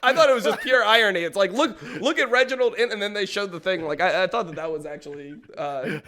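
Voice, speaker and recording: A man's voice: high voice, fast, bright, forceful tone, slight background noise. A man co-hosting a casual podcast, talking hesitantly with many fillers. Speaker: podcast co-host.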